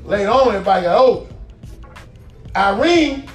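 A male comedian in his forties tells a profane, animated stand-up story. His voice sits high, and he sounds distant in a roomy, echoing hall with faint music underneath. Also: normal speed. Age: 40s.

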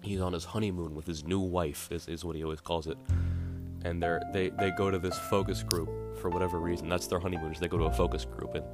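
A man's voice: low-pitched, fairly even intonation, fast. A man casually retelling a play in a rambling, wry way, often correcting himself. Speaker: podcast host. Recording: guitar music playing behind.

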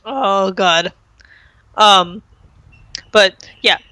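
A woman's voice: mid-range voice, very slow, bright, forceful tone, dry recording, rough recording. A woman in casual chat about a TV episode, rambling with many fillers and laughing easily. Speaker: podcast co-host.

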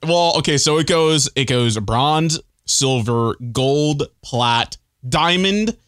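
A man returning as a guest on a casual gaming podcast, excitable and slangy, saying "dude" often. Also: a little high, slow, clear, resonant tone, no room sound, clean studio sound.

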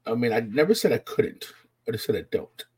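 A young man co-hosting a podcast, telling stories in an animated, profane way. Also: mid-range voice, brisk. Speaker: podcast co-host. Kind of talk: casual chat.

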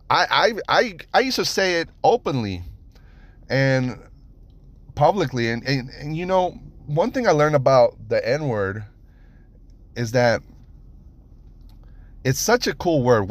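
A man hosting a podcast, telling stories in a casual monologue, animated and profane, with lots of rhetorical questions. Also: medium pitch, slow pace, long pauses, no room sound. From United States (Nevada). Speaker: podcast host.

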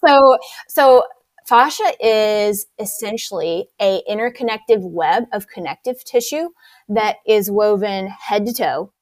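A woman's voice: mid-range voice, a little slow, dry recording. Woman, movement instructor, enthusiastic, detailed, dry close sound. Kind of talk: explanatory interview answers.

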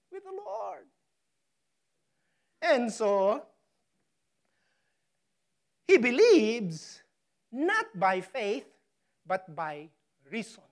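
A woman preaching a sermon, stressing key words hard and pausing for effect. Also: a little high. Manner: emphatic, dramatic pauses on key words; slow, deliberate delivery. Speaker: pastor.

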